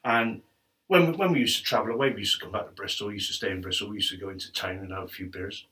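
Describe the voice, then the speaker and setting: A middle-aged man telling animated football stories in casual chat, laughing often. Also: lowish voice, very fast. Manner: laughs often, animated anecdotes, quotes others. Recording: distant mic with faint noise.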